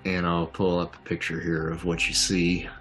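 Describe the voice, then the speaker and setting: A man with a very low voice narrates a tabletop role-playing game as its game master. He talks in an easygoing way, often pausing on filler sounds, while soft music plays underneath. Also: monotone.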